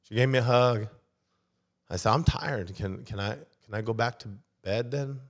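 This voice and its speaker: A man's voice: mid-range voice, moderate pace. A middle-aged man telling his personal faith testimony as a podcast guest, acting out the dialogue with a raised voice. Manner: storytelling, acts out dialogue in raised voice.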